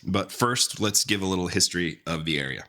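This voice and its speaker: A man's voice: deep voice, fairly quick, bright, forceful tone. A man hosting a podcast in casual, laid-back chat, joking and swearing easily. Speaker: podcast host.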